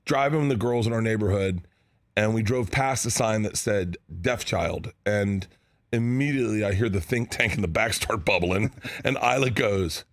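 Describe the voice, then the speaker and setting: A man telling stories as a comedy guest in a studio interview, excitable and laughing often, acting out the people he quotes. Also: lowish voice, moderate pace. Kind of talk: animated storytelling in an interview.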